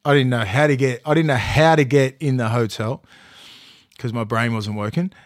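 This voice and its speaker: A man's voice: medium pitch, normal speed, no room sound, studio quality. A man co-hosting a podcast, telling stories in a casual way, swearing, restarting sentences and acting out quotes. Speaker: podcast co-host. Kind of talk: casual storytelling chat.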